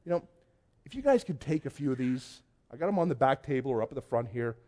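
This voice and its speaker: A man preaching a conversational sermon to his congregation, telling stories in an excitable, chatty way. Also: medium pitch, fast. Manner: chatty storytelling, excitable, many restarts. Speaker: pastor. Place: church before a congregation.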